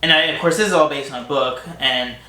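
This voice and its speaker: Bright-voiced man chatting about a movie. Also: mid-range voice, fast, echoey room, low-quality recording. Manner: rambling, restarts sentences, easygoing. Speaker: co-host of a couple's film review. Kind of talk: casual movie review chat.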